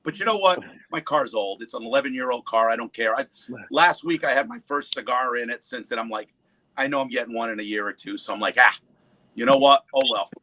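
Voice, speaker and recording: A man with a medium-pitched voice talks a little fast, recorded dry with poor audio. As a livestream panelist chatting casually from his East Coast home, he tells stories with animation, performing what people said and swearing freely.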